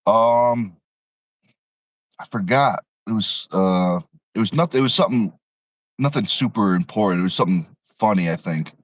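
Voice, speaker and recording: A man's voice: lowish voice, normal speed, pauses often, dry recording, rough recording. A young man co-hosting a casual livestream, laughing often and trailing off mid-sentence. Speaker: co-host of a livestream.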